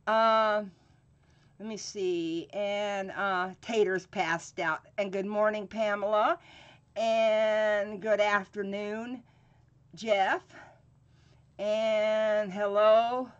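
A woman's voice: mid-range voice, fairly even intonation, clear, resonant tone, highs cut off. A woman hosting a live painting tutorial, chatting casually, greeting viewers by name and thinking aloud with frequent fillers as she works. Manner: slow, drawn-out speech with frequent fillers. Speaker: craft channel host.

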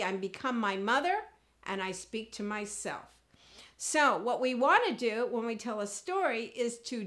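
A woman teaching comedy and public speaking in an animated, demonstrative way, acting out examples as she goes. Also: a little high. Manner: animated, demonstrative, jumps into character voices. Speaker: speaking coach. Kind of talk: comedy presentation lesson.

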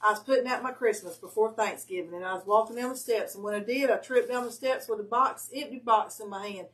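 A woman's voice: a little high, quick pace, far from the mic. A woman, chatting casually as a livestream guest and telling stories with a laugh at herself. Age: 50s. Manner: lively storytelling, laughs at herself. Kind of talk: casual chat.

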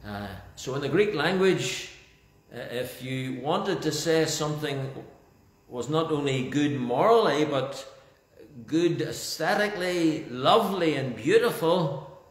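A male pastor praying and then preaching a sermon in church, slow and deliberate, lingering over key phrases. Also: on the high side. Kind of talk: sermon with opening prayer. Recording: roomy church echo.

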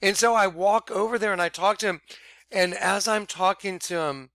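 A man tells his viewers a story in an animated, casual way, often slipping into "I'm like" as he retells it. His voice sits high and sounds dry, with little room around it. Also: moderate pace, dry recording. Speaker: vlogger.

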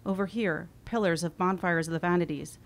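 A woman in her forties reading her own memoir aloud, wry and expressive. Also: fairly low pitch, a little fast. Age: 40s. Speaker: author.

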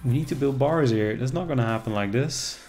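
A man's voice: medium pitch, a little fast, a little mellow, soft background music. A man streaming casually, chatting with viewers and reacting to the game as it plays. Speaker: casino streamer. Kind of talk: casual live-stream commentary.

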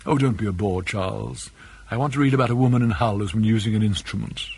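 Man voicing a husky, teasing young aristocrat, petulant and wistful, audiobook. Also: fairly low pitch, quick pace, darkish tone. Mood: whimsical. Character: whimsical young aristocratic male student, petulant.

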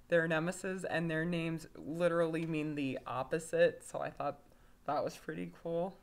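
A woman's voice: lowish voice, a bit bright. A woman giving a casual video review of a story, rambling, with lots of fillers and self-corrections. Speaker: fanfiction reviewer.

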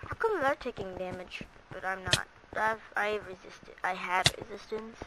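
A woman giving casual commentary while playing a shooting game, excitable and prone to sudden yelps and shrieks. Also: mid-range voice, normal speed, very noisy. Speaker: gameplay video host. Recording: loud game gunfire over voice. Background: game gunshots and clicks.

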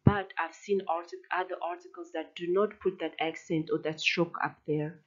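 A woman teaching a pronunciation lesson, drilling words slowly and carefully, repeating each one with clear emphasis. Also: on the low side, fairly even intonation, muffled recording. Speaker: language teacher.

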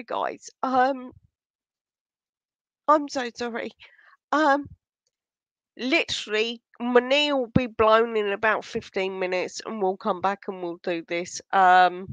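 A woman's voice: mid-range voice, a bit bright, no echo, dull audio. A woman vlogger ranting casually, agitated and shaken, swearing heavily and stumbling over restarts. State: angry and shaken. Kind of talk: casual unscripted vlog rant.

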